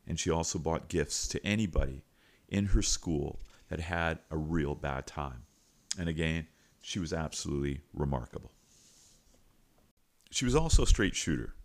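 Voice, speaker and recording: Deep-voiced man telling a school story. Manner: animated, folksy retelling with repeated asides. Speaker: podcast host and teacher. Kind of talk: storytelling anecdote.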